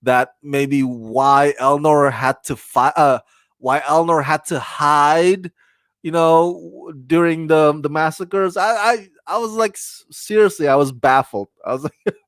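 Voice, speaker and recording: Animated, rambling male TV reviewer. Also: on the high side, slow pace, no room sound. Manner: rambling and animated, with many restarts and bursts of laughter. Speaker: TV reviewer, channel host. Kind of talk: casual spoken episode review.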